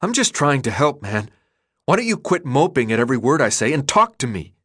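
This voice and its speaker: A man's voice: on the high side, lively intonation, measured pace, husky, voice pushed up. A man voicing a frightened, pushy teenage boy in an audiobook, urgent and full of questions. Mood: anxious, urgent. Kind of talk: audiobook character voice.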